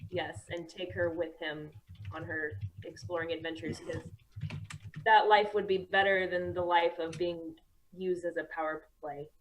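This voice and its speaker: A woman's voice: on the low side, fairly even intonation, unhurried, a little hiss or hum, rough recording. Brief: female player, casual and playful, faint background clicks. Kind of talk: tabletop game play.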